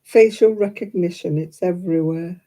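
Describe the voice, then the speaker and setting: Hosting a crochet livestream from home, she's a chatty older woman from Oldham, England, with an Oldham, Lancashire accent. Her voice is lowish and dark-toned at a moderate pace, and she chats casually with live viewers, opinionated and laughing often.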